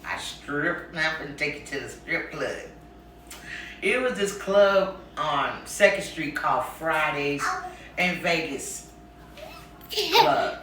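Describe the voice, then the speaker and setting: A woman from Texas telling a candid story about her own life, frankly and with lively quoted voices. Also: sits low, slow, a little hiss or hum. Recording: very echoey room, mic far off.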